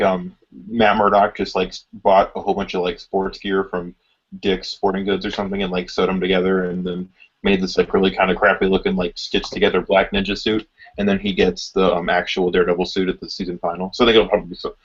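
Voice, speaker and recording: A man in a casual fan discussion, talking quickly and filling his speech with "like". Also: sits low, level tone, breathy edge. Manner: rapid, lots of "like" fillers. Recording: dull lo-fi audio.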